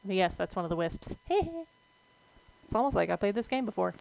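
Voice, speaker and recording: A woman streaming a game and chatting casually about veterinary topics, moving between relaxed talk and excited yelps at the game. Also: lowish voice, fairly quick, gravelly, dry recording, low-quality recording. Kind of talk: casual gameplay commentary.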